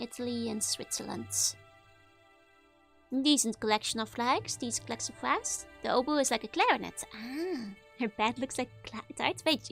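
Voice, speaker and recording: A woman VTuber giving casual let's-play commentary, chatty and quick to laugh. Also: high-pitched, vocal fry, a bit bright. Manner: giggly and chatty, with frequent laughs. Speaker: VTuber streamer.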